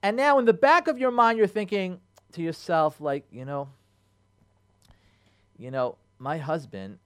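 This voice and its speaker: A man, a rabbi, giving marriage advice on a radio show in an animated way, repeating phrases and mixing in Hebrew terms. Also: a little high. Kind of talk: radio talk. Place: radio studio.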